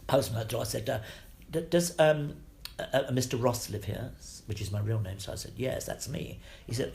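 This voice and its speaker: An older man, a guest actor, telling anecdotes in an interview, lively, swearing freely and laughing between stories. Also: mid-range voice, fairly quick, vocal fry.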